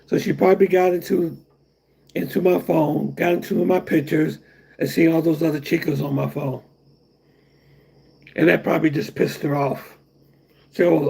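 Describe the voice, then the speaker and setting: A man's voice: a little high, fairly even intonation, unhurried, gravelly, pauses often, dark tone, husky. A middle-aged man hosting a casual livestream, rambling and repeating himself while answering chat comments. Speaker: livestream host.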